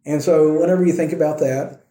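A man's voice: on the high side, fairly even intonation, brisk, mellow, reverberant. A male pastor preaching a sermon in a conversational way, reading verses and checking in with his listeners.

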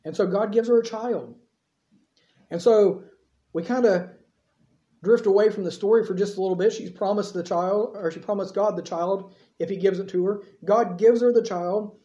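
Preacher with a dark, echoey sound. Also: mid-range voice, normal speed. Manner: conversational storytelling with casual asides. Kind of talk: sermon. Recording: echoey, slightly dull sermon recording.

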